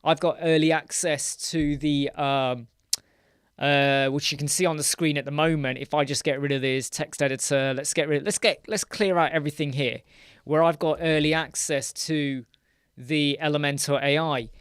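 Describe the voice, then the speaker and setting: A man's voice: on the high side, steady tone, moderate pace, fairly bright tone, smooth, no room sound, clean studio sound. A man hosting a live web design Q&A, chatting casually, greeting viewers by name mid-sentence and thinking aloud while he demos on screen. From United Kingdom.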